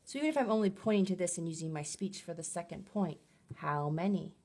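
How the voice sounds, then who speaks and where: Breathy, patient woman speech therapist. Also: lowish voice, lively intonation, fast talker, dark tone. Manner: clear, patient, demonstrative. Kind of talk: educational explainer talk.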